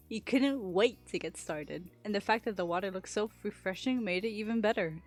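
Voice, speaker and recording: A woman's voice: on the low side, a little mellow. A woman streaming a story game live, reading the narration aloud and breaking off to chat, joke and swear. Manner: chatty, laughs and swears between lines.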